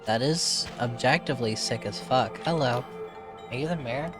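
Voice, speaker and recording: A man playing through a game and narrating it casually, full of wry, profane asides. His voice sits at a middle pitch, and soft game music runs underneath. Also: moderate pace. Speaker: game streamer. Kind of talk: casual let's-play commentary.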